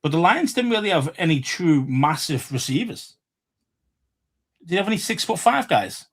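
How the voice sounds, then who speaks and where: A man's voice: fairly high pitch, big pitch swings, moderate pace, fairly bright tone. A man with a Liverpool Scouse accent, co-hosting a casual sports podcast, rambling and swearing freely with many fillers. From England. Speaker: podcast co-host.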